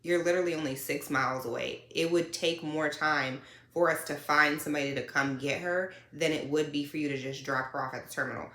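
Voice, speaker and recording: A woman's voice: deep voice, fairly quick, a bit bright, reverberant, voice pushed down. A woman voicing an older female truck trainer who is curt, hostile and dismissive.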